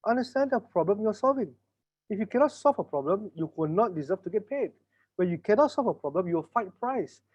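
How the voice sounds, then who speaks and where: Lively Malaysian English trainer, high voice. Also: male voice, lo-fi sound. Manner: lively, teasing, acts out sales dialogues. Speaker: business trainer. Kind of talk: online workshop lecture with role-play.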